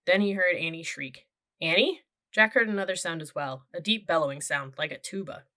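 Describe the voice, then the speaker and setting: A woman's voice: fairly low pitch, a little fast, pushed and bright. Woman reading a children's book aloud. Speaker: audiobook narrator. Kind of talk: children's audiobook narration.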